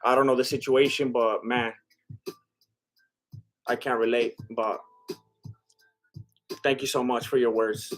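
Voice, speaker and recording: A man's voice: medium pitch, level tone, measured pace, long pauses. A man doing live-stream reaction commentary, reading chat aloud and talking straight to his viewers with many restarts. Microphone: laptop setup.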